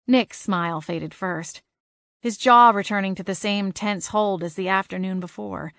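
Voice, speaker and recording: A woman narrating a cozy paranormal audiobook in the first person, lively with wry asides. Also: fairly low pitch, no room sound, studio quality.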